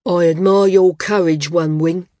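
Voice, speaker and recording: A woman voicing a huge, hostile man who rumbles his blunt words. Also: fairly even intonation, a little slow, mellow, no room sound, natural voice.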